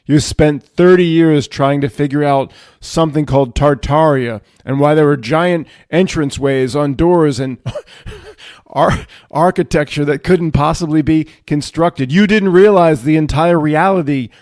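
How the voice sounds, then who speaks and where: A man voicing a booming, detached spiritual higher self who speaks in a matter-of-fact way. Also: measured pace, darkish tone, no room sound, clean studio sound, lightly acted. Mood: blunt.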